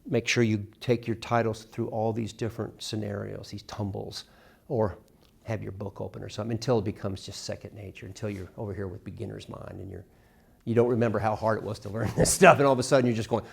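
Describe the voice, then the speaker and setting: A middle-aged man teaching a casual songwriting workshop, acting out lyric lines with lively emphasis. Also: lowish voice, fast, gravelly, husky. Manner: animated, sings and acts out lyric examples.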